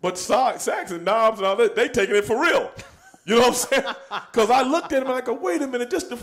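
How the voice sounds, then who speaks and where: A man's voice: high-pitched, very animated, normal speed, a bit bright, slight background noise. A man telling a story in casual chat, laughing and acting out the people he quotes. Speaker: show host telling a story.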